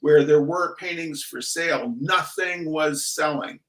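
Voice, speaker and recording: A man's voice: fairly high pitch, a little slow, a bit bright, roomy sound, poor audio. A man hosting a casual art talk, chatty and restarting his sentences with repeated words. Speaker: podcast host.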